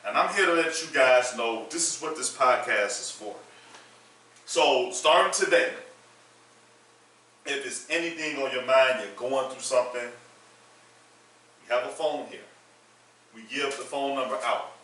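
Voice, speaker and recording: A man's voice: medium pitch, measured pace, long pauses, sharp tone. A man hosting a podcast in a loose, joking, profane way, often stumbling and restarting his words. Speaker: podcast host. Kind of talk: casual podcast chat. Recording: echoey room, far from mic, faint noise.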